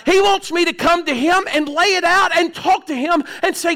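A male pastor preaching a sermon in a plain, conversational way, swinging between soft and loud passages. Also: very high voice, normal speed, hardly any pauses.

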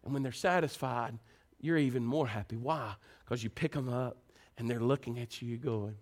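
Preacher man delivering a sermon. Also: moderate pace. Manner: animated, rising to high excited pitch when telling stories.

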